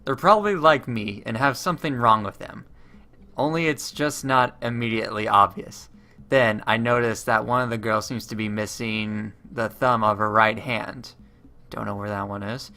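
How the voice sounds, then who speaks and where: Man, let's player, reading a visual novel aloud, low voice, stumbles over words. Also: moderate pace, bright, forceful tone.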